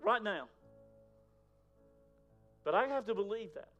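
A man preaching a sermon in a conversational way, moving between loud emphasis and near-whispers. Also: sits high, expressive, measured pace, dull audio, soft background music. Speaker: pastor.

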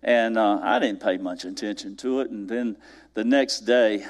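A man preaching a sermon, talking straight to his congregation and dropping from raised emphasis to soft, hushed lines. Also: lowish voice, steady tone, moderate pace. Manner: wide swings from raised emphasis down to soft near-whispers; conversational, addresses the congregation directly. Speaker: pastor.

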